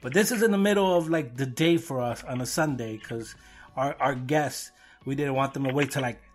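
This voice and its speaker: A man's voice: medium pitch, normal speed, faint music behind. A man from Brooklyn hosting a podcast, rambling and self-deprecating in casual chat. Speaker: podcast host.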